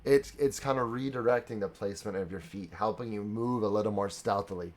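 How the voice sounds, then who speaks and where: A young man with a lowish, slightly mellow voice talks fairly quickly while dungeon-mastering a streamed tabletop game. Casual banter and dramatic narration alternate, picked up by a streaming microphone.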